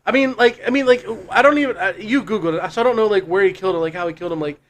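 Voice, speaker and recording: A man with a high voice co-hosting a casual comedy podcast in a studio. He reads news items in a loose, easy way, often breaking into laughter. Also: racing, a bit bright. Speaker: podcast co-host.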